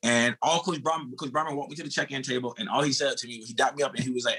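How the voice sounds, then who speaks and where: A former sprinter from the United States, a man in his thirties, tells an animated, casual race story, swearing and calling the host bro. He talks very fast in a mid-range voice with a breathy edge.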